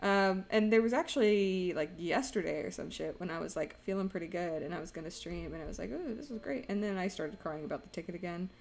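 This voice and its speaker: A woman's voice: fairly low pitch, quick pace, gravelly, hardly any pauses. Emotional, rambling young woman streamer. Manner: emotional, rambling, laughs often, swings between loud exclaims and quiet asides. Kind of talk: casual stream chat while drawing.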